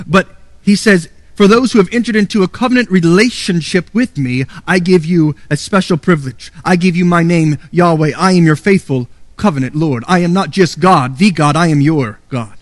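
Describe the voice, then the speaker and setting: A man's voice: a little high, normal speed, dry recording. A man preaching a sermon as a pastor, earnest and emphatic, reading and quoting scripture.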